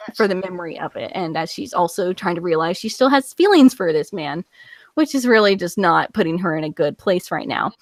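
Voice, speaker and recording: A woman co-hosting a casual review podcast over an online call, retelling a story in an animated way with many filler words and acted-out quotes. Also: fairly low pitch, a little fast, no echo. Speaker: podcast co-host. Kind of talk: casual comic-book review chat.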